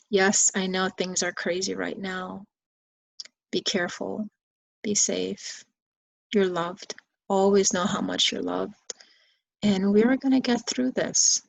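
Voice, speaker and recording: A woman as a meditation teacher, giving a guided bedtime reflection in slow, soothing, repeated phrases. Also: medium pitch, creaky, no echo, low-quality recording.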